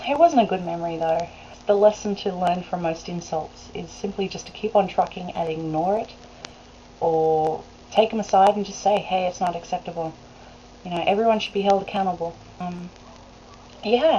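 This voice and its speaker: This Australian vlogger's voice is medium-pitched with a dark tone. She rambles in a casual chat to camera, laughing throughout. The audio is a dull lo-fi webcam recording with faint hiss.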